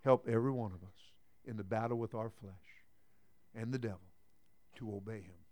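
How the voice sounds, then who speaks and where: A man preaching a sermon as pastor, fervent and swinging from quiet talk to shouting, calling for responses from his congregation. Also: lowish voice, moderate pace, no room sound.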